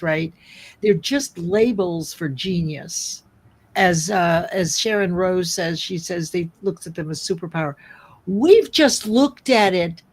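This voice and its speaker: A woman hosting a live online talk show, speaking in a rambling, earnest way and often restarting her sentences. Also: medium pitch. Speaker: host.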